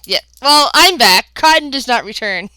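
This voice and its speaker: A woman narrating as game master of a tabletop game, halting and filling gaps with "uh". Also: a little high, lively intonation, sharp tone, smooth. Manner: halting, with many fillers and restarts.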